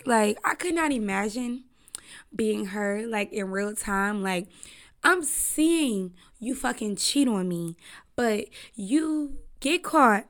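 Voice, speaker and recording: Hosting her solo podcast, this woman talks in a slow, slightly high voice. She's casual and blunt, using lots of slang and cursing freely.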